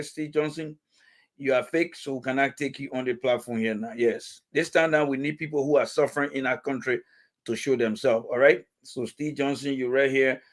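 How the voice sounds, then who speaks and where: Blunt Liberian man hosting a livestream. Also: mid-range voice. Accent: Liberian English. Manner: blunt, repetitive, calls out commenters. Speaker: political livestream host. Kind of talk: live stream talk reading comments.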